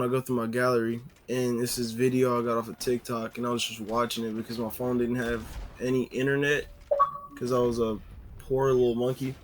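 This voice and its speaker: A man telling a casual story on a vlog, animated and full of fillers. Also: mid-range voice.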